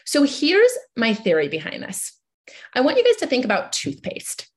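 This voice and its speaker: A woman's voice: on the high side, wildly swooping pitch, moderate pace. A woman giving an upbeat online sales training, coaching listeners directly and checking in with them often.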